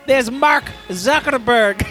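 High-voiced man riffing crude comedy. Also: takes it slowly, sharp tone, soft background music. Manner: rambling, crude, laughing at his own jokes.

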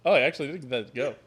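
A man's voice: medium pitch, breathy edge. A young man co-hosting a casual podcast stream, rambling and laughing often as he chats with friends. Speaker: podcast co-host. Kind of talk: casual chat.

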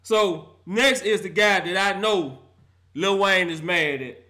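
A man's voice: high-pitched, takes it slowly, pushed and bright. A man hosting a live call-in sports show, roasting players and fans with playful trash talk and frequent laughter.

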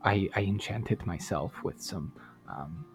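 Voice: low-pitched, animated, measured pace, vocal fry, soft background music. Stammering, mock-grand bard player. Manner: stammering, playfully pompous. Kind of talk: in-character tabletop role-play.

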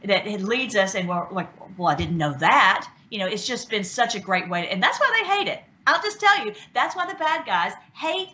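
A woman hosting an online show, talking casually and excitedly, with many restarts and fillers. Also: a little high, brisk, hardly any pauses. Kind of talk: casual talk commentary. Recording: dull lo-fi sound.

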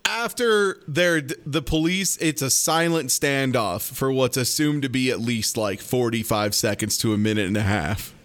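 Animated joking man, smooth voice. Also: mid-range voice, normal speed, hardly any pauses. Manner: animated, rambling, jokey. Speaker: podcast co-host. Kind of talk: casual chat.

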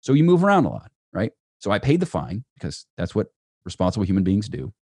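A young man with a very low voice tells his story quickly as a podcast guest. He keeps tagging "right?" onto his sentences, and he sounds animated. The recording is dry and close. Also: husky, no echo. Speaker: entrepreneur guest.

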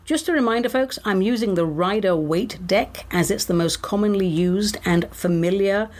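A woman's voice: medium pitch, moderate pace, darkish tone. A woman hosting a solo show in a playful, theatrical way. She has a middle-range voice and reads comic verse aloud, slipping into whispers for effect. She sounds middle-aged. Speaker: podcast host.

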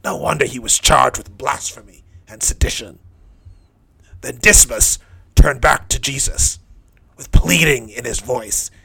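A man playing a gravelly, bitter dying thief. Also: a little slow, sharp tone, exaggerated voice. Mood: brooding. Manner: brooding, cynical, low-key. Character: hardened dying male thief on a cross, bitter. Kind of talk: dramatic first-person monologue.

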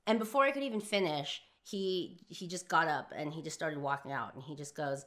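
A young woman telling a personal story in an emphatic, profane monologue, swinging from hushed to shouting. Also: low voice, brisk, hardly any pauses. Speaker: philosophy vlogger.

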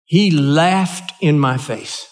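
An older American man preaches from the pulpit, telling a story in a slightly high voice. He speaks earnestly and haltingly, and he often repeats or restarts his words as he goes. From United States. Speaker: pastor. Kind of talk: sermon storytelling.

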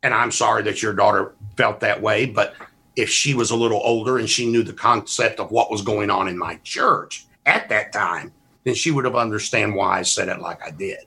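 Middle-aged pastor, fervent folksy delivery, bright edgy tone, husky. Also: male voice, on the low side, moderate pace. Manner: fervent, folksy preacher's cadence. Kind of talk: heated debate.

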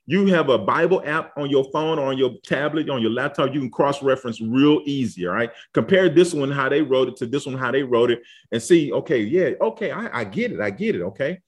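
A man's voice: mid-range voice, animated, a little fast. A man giving an informal Bible study lesson, talking conversationally and often checking in with "okay?" and "all right?". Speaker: Bible teacher. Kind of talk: casual teaching talk.

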